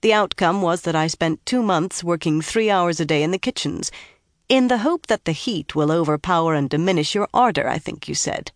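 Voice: medium pitch, normal speed, dry recording, lightly acted. A narrator voicing a steely, confident woman.

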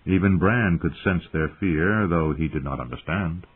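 A man reads an audiobook, narrating a scripted story expressively. His voice is low-pitched with a breathy edge, at normal speed, and the recording sounds tinny, like a phone.

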